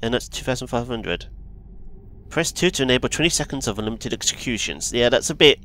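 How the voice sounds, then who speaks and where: Excitable man commenting on gameplay. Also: mid-range voice, brisk. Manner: excitable, yelps and chatty asides. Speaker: gaming video host. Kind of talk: let's play commentary.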